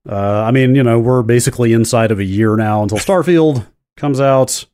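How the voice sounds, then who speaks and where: A man's voice: mid-range voice, a little fast, a little mellow. A man co-hosting a casual podcast chat, rambling and often restarting his sentences. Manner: rambling, self-interrupting. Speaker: podcast co-host.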